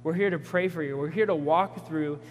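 A man's voice: a little high, normal speed, big-room sound, a little hiss or hum. A young man preaching a sermon, telling a personal story in an earnest way with many fillers. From Pacific Northwest US.

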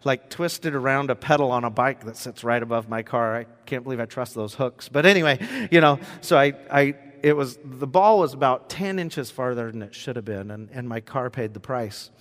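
A man preaching a sermon in a church hall, his voice carrying a long reverb. He tells stories animatedly, jumping from loud bursts to quiet, hushed lines. His pitch sits in an ordinary middle range. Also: normal speed, few pauses. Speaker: pastor.

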